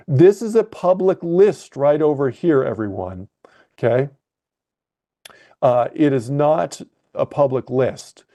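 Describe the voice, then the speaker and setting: Clicking through trading software during a live webcast class, a man coaches viewers while thinking aloud and self-correcting. He speaks at medium pitch.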